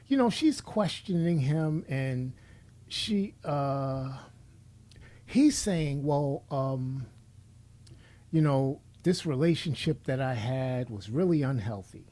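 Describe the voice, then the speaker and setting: A man's voice: mid-range voice, animated, slow pace, pauses often, warm tone. A middle-aged man delivering a blunt, preachy opinion monologue, speaking straight to the person he is criticizing. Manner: blunt and preachy, addressing his subject directly. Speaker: commentator.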